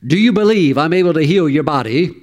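A man's voice: on the high side, lively intonation, fairly quick, darkish tone, natural voice. A man acting out Jesus as a teacher who asks earnest, urgent questions.

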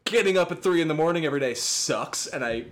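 A man in casual podcast chat, laid-back and dryly teasing. His pitch moves a lot as he tells stories, and he swears freely. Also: animated, fast talker. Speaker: podcast co-host.

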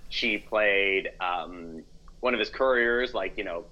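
A man's voice: on the low side, slow, pushed and bright, lo-fi sound. A man co-hosting a podcast in casual chat, giggly and enthusiastic. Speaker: podcast co-host.

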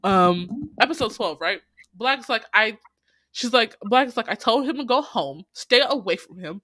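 A man casually recapping a TV series on a podcast, telling the story in lively bursts, acting out the characters' lines and swearing freely, with lots of "you know". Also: very high voice, moderate pace, no echo, clean studio sound. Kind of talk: casual chat.

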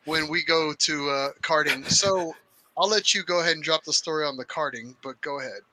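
A man telling stories in casual podcast chat, boastful and energetic. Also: on the high side, a little fast, noisy background. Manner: boastful, energetic trash-talking storyteller. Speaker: podcast co-host.

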